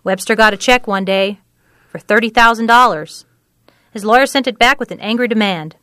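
An actress voicing an earnest, measured woman who tells of a family's troubles. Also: a little high, sharp tone, smooth, no room sound, clean studio sound. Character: woman, an older local who runs a clinic.

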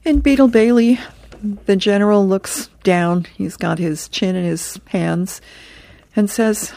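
A woman's voice: medium pitch, slow pace, creaky, mellow, no echo. A woman radio host reading comic strips aloud in a casual way, chuckling and restarting now and then.

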